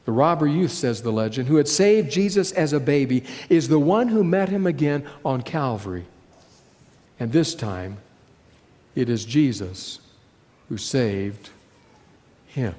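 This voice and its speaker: A man's voice: mid-range voice, expressive. Man preaching a dramatic sermon in a hall. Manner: dramatic, slowing and dropping softly on key phrases.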